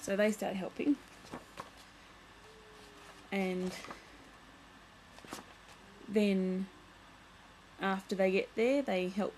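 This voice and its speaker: A woman's voice: mid-range voice, fairly even intonation, extremely slow, long pauses, darkish tone, a little hiss or hum, poor audio. A young woman vlogging at home, chatting casually as she shows and reads from a children's picture book, full of playful asides.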